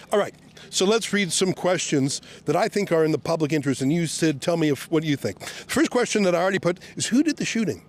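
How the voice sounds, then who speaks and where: Guy reporting outside, higher voice, sarcastic, yelling questions at cops. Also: animated, fast talker. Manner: sarcastic, shouting questions at police. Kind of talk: on-the-scene questioning. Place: outdoors.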